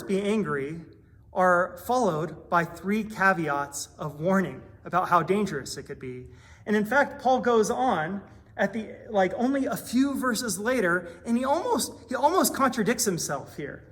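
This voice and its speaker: Man, high voice, pastor, sermon, earnest conversational preaching, small church. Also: a bit bright.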